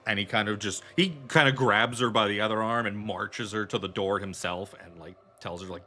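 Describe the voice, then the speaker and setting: A man's voice: on the low side, moderate pace, hardly any pauses, pushed and bright. A man narrating as game master of a tabletop horror game, rambling loosely with many fillers.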